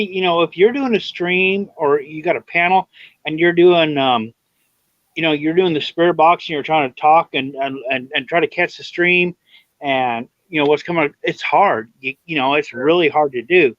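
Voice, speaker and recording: Man, casual stream chat, rambly and sweary, slightly high voice, muffled dry audio. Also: normal speed, fairly bright tone, no room sound. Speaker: live stream guest.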